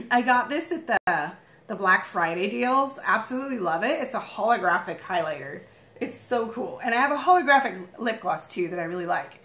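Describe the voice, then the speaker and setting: A woman in her thirties doing a casual live makeup tutorial at home, chatty and rambling, with a morning voice and frequent throat-clearing. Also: mid-range voice, fairly bright tone, roomy sound. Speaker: makeup vlogger, live stream host.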